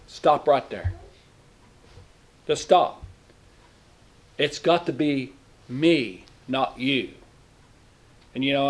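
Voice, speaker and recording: A male pastor preaching a sermon, swinging between loud bursts and quiet asides and often repeating words. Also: fairly high pitch.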